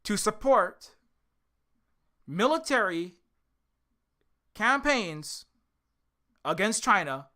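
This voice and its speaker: An indie game developer rants on a livestream, briskly and expressively, with plenty of cursing. He moves from loud yelling to quiet muttering, his vocal cords audibly strained.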